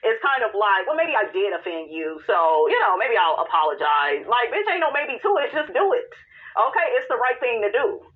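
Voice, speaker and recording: A woman's voice: a little high, very animated, moderate pace. A woman giving a sassy, blunt recap of a reality show in casual commentary, swearing freely and talking straight to her viewers. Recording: tinny phone-line sound.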